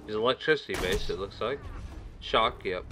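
Low-voiced man chatting over gameplay. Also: moderate pace, background noise. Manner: chatty, rambling, talks to himself. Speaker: gaming video creator. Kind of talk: casual gameplay commentary. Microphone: desk microphone set a little far away. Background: game music.

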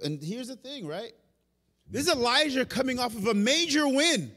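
High-voiced pastor preaching in a reverberant hall. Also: male voice, big pitch swings, moderate pace. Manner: impassioned, swinging from loud urgent peaks to quiet intimate asides; acts out prayers and God's replies in the first person. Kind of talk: sermon. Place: church sanctuary.

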